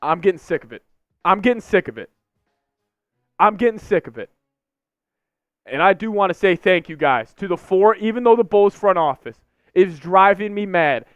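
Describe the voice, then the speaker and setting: A man's voice: sits high, animated, moderate pace, long pauses, a bit bright, clear, resonant tone, dry recording, faint music behind. A young man hosting a live sports stream, ranting in frustration and repeating himself. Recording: slightly dull lo-fi stream audio.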